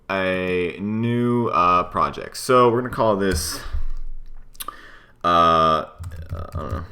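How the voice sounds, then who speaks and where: A young man talks casually at his computer at home, walking through a tutorial. His voice sits low but has a bright, forward edge. He rambles, loses his train of thought and keeps tossing in filler slang. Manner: rambling, chatty, says "man" and "freaking" a lot. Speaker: YouTuber explaining a layout tutorial. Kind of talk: casual screen-recorded tutorial. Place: room at home with air conditioning running.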